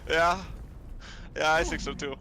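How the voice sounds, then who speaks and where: A man's voice: fairly high pitch, flat delivery, background noise. A man putting on a German accent to play a naive, easily amused German office worker who keeps chuckling. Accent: put-on German. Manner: giggly, halting, chuckles through his story.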